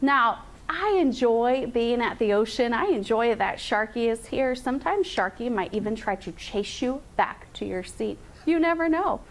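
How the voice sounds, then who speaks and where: Bright-voiced woman teacher drilling phonics. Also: on the high side, animated, normal speed, hardly any pauses. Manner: upbeat, drills sounds in call-and-response chants. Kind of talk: classroom phonics lesson.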